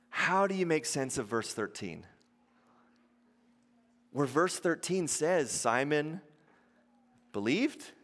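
High-voiced preacher in a reverberant hall. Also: male voice, a bit bright. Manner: rhetorical questions, acts out quotes in shifting voices. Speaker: pastor. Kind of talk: sermon.

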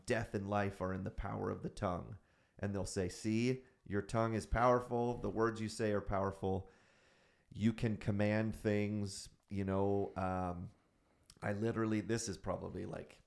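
A man's voice: on the low side, vocal fry. A middle-aged man co-hosting a faith podcast, chatting loosely with many fillers and easy laughs. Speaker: podcast co-host, church leader. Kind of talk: casual chat.

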